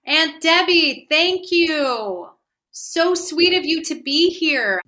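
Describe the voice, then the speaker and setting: A poised professor in a comedy sketch, bright-voiced and controlled, with nerves showing through. Her pitch sits in the middle range. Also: animated, normal speed. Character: poised but anxious female sociology professor. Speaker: professor giving a talk.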